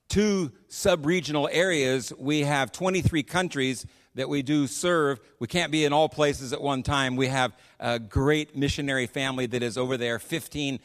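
A middle-aged American man, a missionary preacher, telling stories in a sermon in an animated, chatty way with frequent restarts. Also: medium pitch. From United States. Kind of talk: sermon with storytelling. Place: church sanctuary on a PA system. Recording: long reverb of a church hall.

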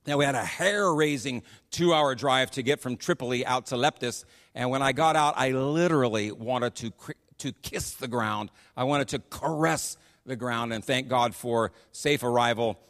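A middle-aged American man, a missionary preacher, telling stories in a sermon in an animated, chatty way with frequent restarts. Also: mid-range voice, moderate pace. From United States. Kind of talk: sermon with storytelling. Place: church sanctuary on a PA system. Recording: long reverb of a church hall.

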